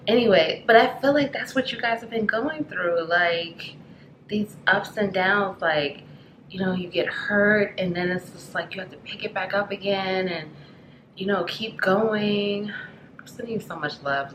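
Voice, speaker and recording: A woman with a low voice gives a spiritual tarot reading, talking in an affectionate, rambling way full of fillers. Now and then she drops into a soft whisper. She is recorded in an echoey room with steady noise behind her. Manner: affectionate, rambling, many fillers like "like" and "you know". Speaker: tarot reader.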